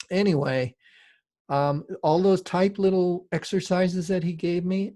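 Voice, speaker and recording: A man's voice: mid-range voice, creaky, dark tone, no echo. A middle-aged man, a design teacher, lecturing in a rambling, conversational way with frequent asides. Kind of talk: lecture with casual storytelling.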